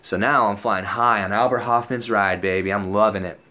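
A young man casually telling a story out loud, animated and profane, full of slang and acted-out lines from other people. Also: lowish voice, moderate pace.

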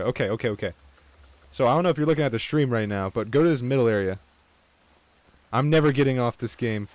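A young man streaming an online game with viewers, chatting casually, swearing freely and getting excited. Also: on the low side, quick pace, dry recording. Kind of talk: casual gaming chat.

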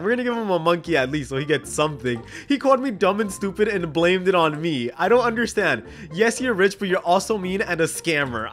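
A man giving excited gameplay commentary, often breaking into laughter and reading chat messages aloud in an exaggerated voice. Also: high-pitched, fairly quick, few pauses. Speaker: gaming YouTuber.

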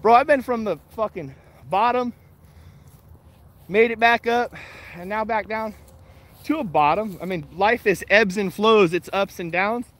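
A man's voice: high-pitched, measured pace, pauses often, a bit bright. A man chatting casually and bluntly on a morning walk with his dogs, swearing freely and laughing as he reads and answers comments. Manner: profane, blunt, laid-back, laughs often. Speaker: vlogger reading live chat. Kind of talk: casual rambling chat on a walk.

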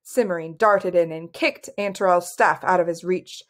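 A woman narrating a fantasy novel as an audiobook reader, in an even, measured way. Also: lowish voice.

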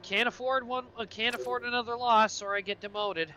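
A man's voice: very high voice, fairly even intonation, a little fast, a little hiss or hum. A man streaming an online game, chatting casually and swearing when things go wrong. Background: loud game music.

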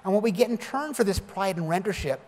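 Middle-aged man, keynote speaker, emphatic and jokey, higher voice, big echoing hall. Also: lively intonation, quick pace, a little mellow. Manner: storytelling, emphatic, jokey asides. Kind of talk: conference keynote speech. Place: large conference hall. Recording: reverberant hall with faint noise.

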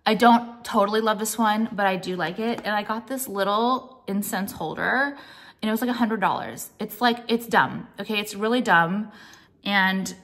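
A woman's voice: medium pitch, normal speed, a bit bright. Chatty American woman rambling casually. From United States. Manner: rambling, heavy use of "like", swears casually. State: pregnant. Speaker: vlogger showing purchases. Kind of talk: casual show-and-tell chat.

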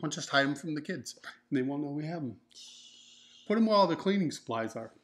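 A man's voice: on the high side, lively intonation, brisk. A man co-hosting a couple's diet vlog, chatting casually in a joking, rambling way. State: nursing a broken ankle. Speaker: co-host of a couple's keto vlog. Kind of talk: casual chat.

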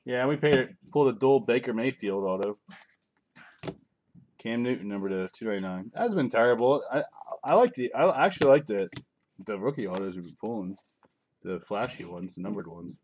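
A man with a lowish, expressive, slightly mellow voice talks fairly quickly as he hosts a home card break on a live stream. He rambles in a chatty way, announcing each card from the packs, while a little hiss or hum sits under the audio.

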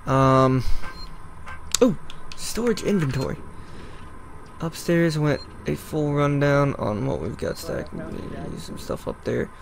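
Slow-talking, sarcastic gamer man. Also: fairly high pitch, animated, creaky, slight background noise. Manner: sarcastic, profane, talks to himself. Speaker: let's play host. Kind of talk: casual gameplay commentary.

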